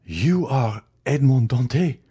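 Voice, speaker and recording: A man voicing a frantic, grief-stricken older magistrate who cries out in high, strained bursts. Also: lively intonation, a little slow, a little mellow.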